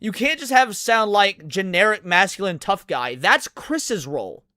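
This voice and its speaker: A man's voice: sits high, very animated, normal speed, sharp tone, no room sound, studio quality. A man ranting in a heated, profane, sarcastic way, hosting commentary over game clips. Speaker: commentary host.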